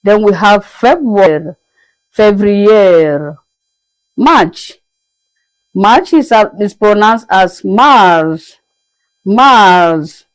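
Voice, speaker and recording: A woman teaching a French lesson, slow and patient, spelling out each word and repeating it for her students. Her pitch sits in a middle range for a woman. The sound is dry and close, with a thin, phone-like quality. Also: lively intonation, dry recording.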